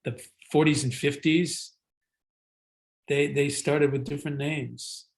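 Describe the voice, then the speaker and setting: A man's voice: fairly high pitch, steady tone, slow pace, creaky. An older man, a guest actor, telling stories in a casual interview, rambling with many fillers and restarts. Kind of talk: casual interview talk, storytelling.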